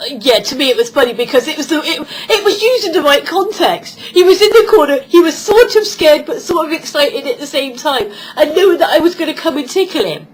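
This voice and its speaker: Her voice high and animated, a British vlogger in her forties talks briskly with few pauses. The rough recording captures a rambling, casual monologue in which she frequently imitates others' voices.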